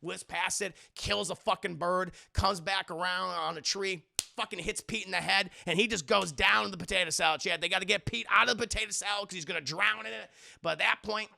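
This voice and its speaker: Excitable, gravelly-voiced man recapping a movie. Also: high voice, a little fast. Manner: excitable, swearing, addresses the chat. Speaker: streamer reviewing a movie. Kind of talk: casual live-stream movie recap.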